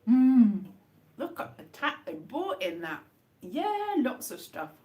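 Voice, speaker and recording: Wry rambling woman, lively pitch. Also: slow. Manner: rambling, wry, deadpan jokes. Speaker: livestream host. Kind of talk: casual live chat while eating chocolates.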